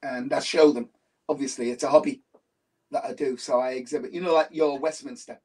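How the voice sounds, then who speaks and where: A man's voice: mid-range voice, steady tone, a little fast, a little mellow, breathy edge. A man, an interview guest who tells his stories with animation and repeats phrases for emphasis. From Liverpool, England. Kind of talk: casual interview talk. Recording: voice distant from the mic.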